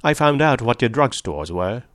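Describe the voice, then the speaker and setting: Man voicing an arrogant domineering rich man, sneering, loud, dry close sound. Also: mid-range voice, lively intonation, normal speed, no room sound, natural voice. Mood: accusing.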